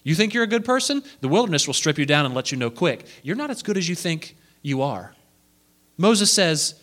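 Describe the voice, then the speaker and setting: Male preacher, bright and forceful, animated sermon delivery with acted-out asides. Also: fairly high pitch, a little fast. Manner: animated, acting out quoted voices.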